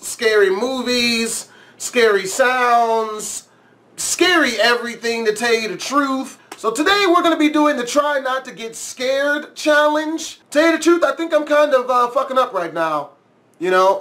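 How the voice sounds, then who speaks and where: A man's voice: extremely high pitch, measured pace, bright, forceful tone. A man hosting his channel, giving casual reaction commentary, swearing freely and yelping when something startles him. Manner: profane, jumpy, yelps and swears when startled. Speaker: YouTube host reacting to a scare challenge.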